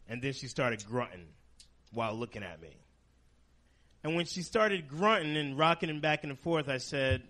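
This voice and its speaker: A man delivering a crude stand-up routine in a bright, forceful voice. He stays deadpan through shocking lines, then leaps high in sudden outbursts. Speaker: stand-up comedian. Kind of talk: stand-up comedy set.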